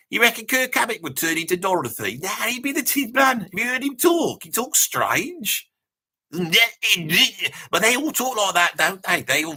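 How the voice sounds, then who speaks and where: A middle-aged man with a Birmingham accent chats on a live stream, reading viewer comments and wandering off into jokey, mock-boastful asides. His voice sits a little high for a man. It has a bright, forward edge. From Birmingham, England. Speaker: guest on a live reaction stream.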